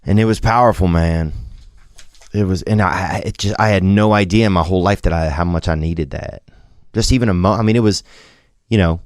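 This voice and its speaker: Very deep-voiced man, halting and confessional. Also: no room sound, studio quality. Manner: halting, rambling, full of restarts and slang; reflective and emotionally open. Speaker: podcast host. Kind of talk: confessional storytelling.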